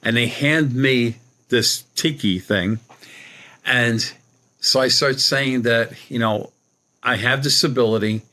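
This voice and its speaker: A man's voice: medium pitch, slow pace, bright, forceful tone. A man guest, a psychic medium, telling a rambling personal story in a casual way and retelling what people said. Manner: rambling, retells dialogue with "she goes".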